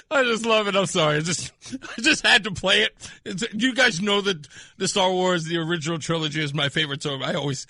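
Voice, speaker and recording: Male talk show host, bright tone, dry studio sound, excitable, laughs a lot. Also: high-pitched, a little fast, no room sound. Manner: excitable, laughs often, mock-confessional. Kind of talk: animated talk radio. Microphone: studio microphone.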